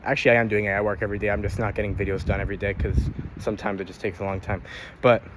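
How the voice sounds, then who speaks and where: A man's voice: on the low side, flat delivery, very fast, background noise. A young man vlogging casually about his day, rambling and swearing, tired and a little out of breath while walking. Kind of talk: casual daily vlog.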